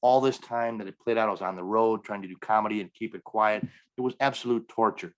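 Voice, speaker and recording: A middle-aged stand-up comedian from the Milwaukee area in the US tells a long story during a podcast interview, energetically acting out the dialogue. His voice is lowish and he talks at a quick pace.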